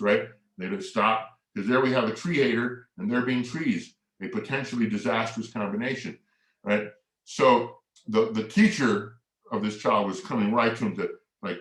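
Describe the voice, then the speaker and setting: Animated male workshop storyteller, echoey room. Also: medium pitch, unhurried. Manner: animated storyteller who acts out quotes and leads the audience in movements. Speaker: workshop presenter for families.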